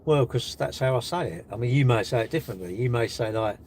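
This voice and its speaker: Older man, live-stream host, mid pitch, cocky teasing banter, light hiss behind. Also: animated, fast talker, hardly any pauses, a little mellow. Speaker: livestream host reading chat. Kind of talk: casual live-stream chat.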